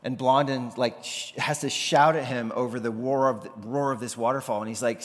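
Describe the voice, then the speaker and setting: A man's voice: mid-range voice, steady tone, brisk, few pauses. A man preaching a sermon in a loose, conversational way, sometimes acting out the people he quotes. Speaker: pastor. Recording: long hall reverb.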